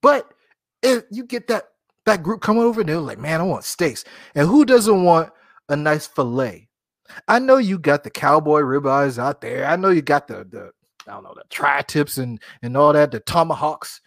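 A man's voice: a little high, animated, moderate pace, gravelly, no echo, studio quality. A man hosting a podcast, chatting casually about cooking, joking, laughing at himself and talking straight to his listeners. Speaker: podcast host.

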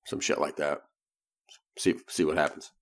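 A man's voice: very deep voice, flat delivery, moderate pace. A man playing a tabletop game, blunt, crude and sarcastic. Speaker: player. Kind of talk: casual tabletop play.

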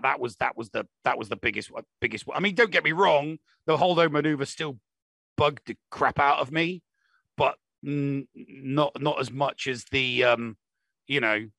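A man's voice: mid-range voice, normal speed, vocal fry, sharp tone, no echo. A man co-hosting a casual podcast chat, stammering through many false starts and repeated words. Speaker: podcast co-host.

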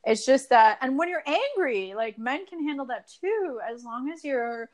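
A woman's voice: high voice, expressive, moderate pace. A woman guest on an interview, explaining relationship advice in an earnest, casual way with many fillers.

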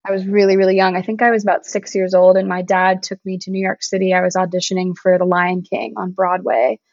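A woman's voice: mid-range voice, little pitch movement, fast, gravelly, a little mellow, no echo. Young woman guest, casual and chatty, emotional at times; dull, dry recording. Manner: chatty, lots of "like", gets emotional. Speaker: podcast guest, singer-songwriter. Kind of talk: casual interview chat.

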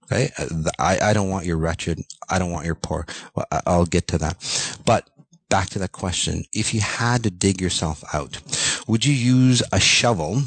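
A man's voice: sits low, normal speed, husky. A man giving an unscripted motivational monologue, ranting bluntly with frequent fillers and swearing. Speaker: self-help speaker.

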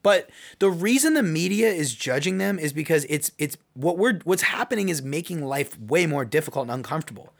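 Guy ranting earnest on his podcast, kinda gravelly, higher voice, lots of restarts. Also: expressive, brisk, hardly any pauses. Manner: earnest, rambling, self-interrupting with restarts. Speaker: podcast host and youth basketball coach. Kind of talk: personal opinion monologue.

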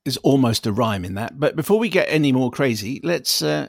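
Male podcast co-host, gravelly mid voice, dry teasing delivery, dead-dry home room. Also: mid-range voice, animated, no echo. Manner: dry, teasing, reads aloud deliberately. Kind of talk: casual chat and reading listener emails.

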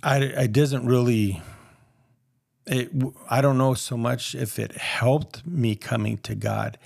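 A man's voice: medium pitch, slow pace, gravelly, darkish tone, no room sound, clean studio sound. A man sharing his personal testimony in a casual, earnest, rambling way, acting out the voices of people he quotes.

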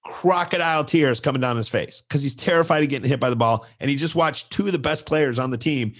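This middle-aged man speaks fast in a slightly high voice. Co-hosting a laid-back podcast, he animatedly recounts a youth baseball story, acting out the kids and coaches.

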